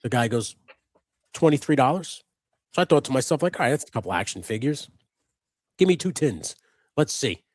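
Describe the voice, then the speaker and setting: A man co-hosting a live stream, telling an animated, profanity-laced story in casual chat. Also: medium pitch, normal speed, long pauses, no room sound. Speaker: co-host of a live customizing stream.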